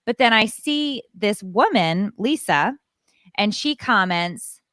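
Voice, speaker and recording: On a podcast, a woman co-host tells a story frankly and animatedly, poking fun at herself in casual chat. Her mid-range voice moves at a slow pace, captured in clean studio sound with no room echo.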